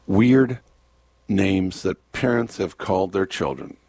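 A man's voice: low-pitched, expressive, slow pace, a little mellow, no echo. A man hosting a casual radio chat, easygoing and rambling, often chuckling. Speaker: radio host.

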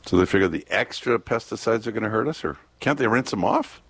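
A man's voice: lowish voice, expressive, fast talker, fairly bright tone, husky, no room sound. A man co-hosting a casual morning radio show, chatty and full of curious, naive questions. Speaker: radio co-host.

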